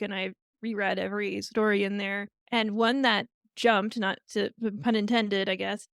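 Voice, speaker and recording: A woman co-hosting a podcast, casually retelling a fairy tale with animated storytelling. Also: mid-range voice, dry recording. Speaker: podcast co-host. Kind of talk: casual chat.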